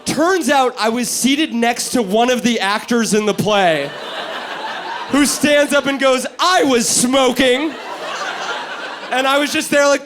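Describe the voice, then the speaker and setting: A man's voice: very high-pitched, lively intonation, a little slow. A man from New York City doing stand-up crowd work on a comedy club stage, brash, profane and teasing the audience. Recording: noisy live club recording.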